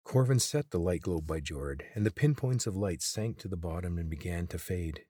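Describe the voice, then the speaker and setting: A man reading a chapter book aloud in steady, measured storybook narration. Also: low voice, breathy edge, dry recording, studio quality. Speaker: audiobook reader.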